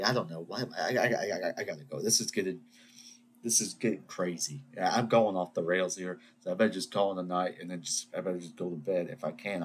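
A man's voice: sits low, a little hiss or hum. A man hosting his own podcast, ranting and rambling in a self-deprecating way. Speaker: podcast host. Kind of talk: solo rant podcast.

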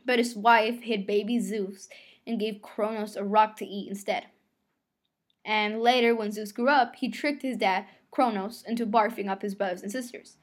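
A woman's voice: medium pitch, fairly even intonation, normal speed. Woman reading a novel aloud. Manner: conversational first-person storytelling. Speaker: reader.

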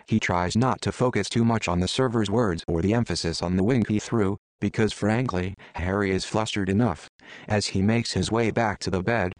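A man reading a fan fiction story aloud in a steady narrating voice. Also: lowish voice, dry recording. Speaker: story reader.

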